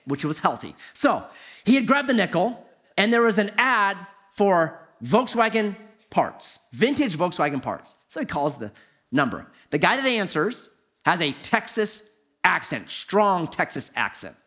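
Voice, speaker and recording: Animated pastor with a swooping voice. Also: male voice, normal speed. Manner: animated storytelling, swoops from high to low. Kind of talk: sermon.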